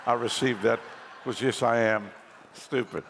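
A man's voice: mid-range voice, fairly even intonation, unhurried, creaky, a little hiss or hum. A male pastor preaching a sermon, telling jokes and stories to the congregation in a large church hall. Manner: joking, storytelling preacher. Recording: long hall reverb.

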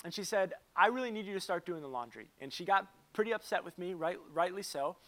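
With a high-pitched, expressive voice that's a bit bright, this young man delivers a sermon as pastor. He keeps it casual and chatty, slipping in quick asides and funny stories.

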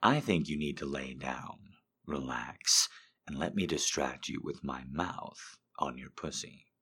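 Sultry dominant lover, voiced by a man: very deep, slow, hushed. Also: breathy edge, exaggerated voice. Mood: low, sultry. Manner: slow, hushed, teasing delivery. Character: low-voiced seductive dominant male lover. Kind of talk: reading listener quotes in a sultry voice.

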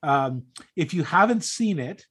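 Guy cohosting a podcast, kinda high voice, dry and halting, pokes fun at himself. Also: animated, fairly bright tone, husky. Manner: dry, halting, self-deprecating. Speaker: podcast co-host. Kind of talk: casual chat.

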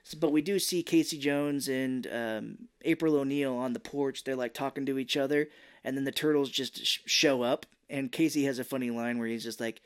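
Male podcast co-host, mid-pitched, loose and rambling, casual cursing. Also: fairly even intonation, normal speed, clean tone. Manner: rambling, swears casually, acts out quotes. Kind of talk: casual chat recapping a movie.

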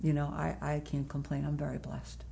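Low gravelly older woman, chatty. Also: little pitch movement, moderate pace, dark tone. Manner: chatty, laughs often, many restarts. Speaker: author guest. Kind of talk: casual interview chat.

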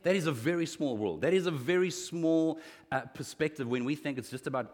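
A man preaching a sermon as a pastor, animated, acting out quoted lines with a rising voice. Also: on the high side, fairly quick, in a large hall.

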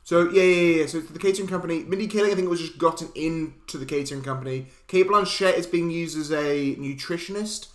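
A man's voice: fairly high pitch, quick pace, few pauses. A man, co-host of a podcast, animatedly retelling film scenes and correcting himself as he goes. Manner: animated storytelling with asides and self-corrections. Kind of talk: casual film discussion. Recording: echoey room.

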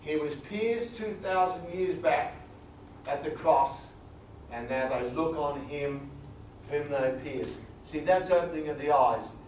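A man teaching a sermon through numbered points, reading scripture slowly and with emphasis. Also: fairly high pitch, a little hiss or hum. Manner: grows quiet and emotional at times. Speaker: preacher. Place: large echoey hall. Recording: echoey hall recording from far off.

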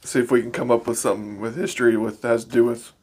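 A man from Arkansas, co-hosting a podcast in a relaxed, easygoing way, often pausing on fillers. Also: medium pitch, breathy edge. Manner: relaxed, easygoing, quick to laugh, hesitant fillers. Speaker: podcast co-host. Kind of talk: casual chat.

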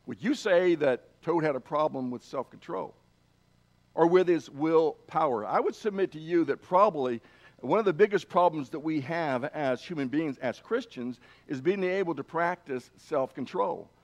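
A man's voice: a little high, lively intonation, moderate pace. A male pastor giving a sermon in a conversational way, with fillers and restarts.

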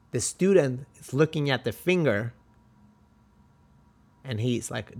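A man's voice: medium pitch, expressive, slow, pauses often, husky. A man from Sweden with a Swedish accent, telling a travel story as a podcast host in a chatty, motivational way with frequent restarts. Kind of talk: casual storytelling monologue.

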